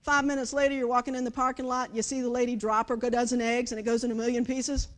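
A woman preaching a sermon in an animated storytelling way, moving from hushed to loud and acting out voices. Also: on the high side, fast talker. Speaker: pastor.

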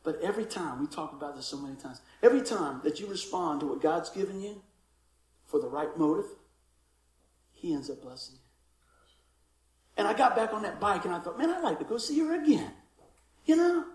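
A man, a pastor, preaching a sermon with animated storytelling and acted-out voices. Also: on the high side, brisk, long pauses, echoey room, low-quality recording.

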